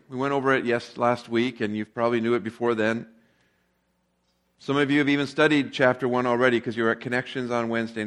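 A male pastor preaching a sermon in a relaxed, conversational storytelling way. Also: medium pitch.

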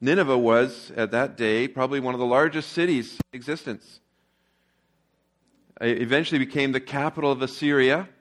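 A male pastor preaching a sermon in a relaxed, conversational storytelling way. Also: medium pitch, moderate pace.

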